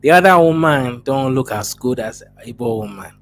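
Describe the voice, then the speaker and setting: A man's voice: mid-range voice, lively intonation, normal speed, a little hiss or hum. A man from Nigeria hosting a casual group chat, joking and boastful in banter. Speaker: host.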